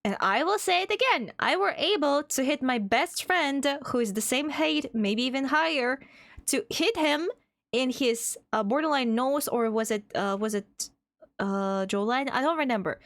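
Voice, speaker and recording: A woman's voice: sits high, expressive, normal speed, a bit bright, dry recording. A young woman with a Russian accent, a VTuber chatting casually on a livestream, reading chat aloud and laughing often. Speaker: VTuber streamer.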